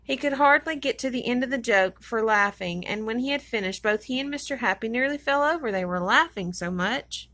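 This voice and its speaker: Bright-voiced woman reading a storybook. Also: a little high, a little fast, hardly any pauses. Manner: expressive read-aloud.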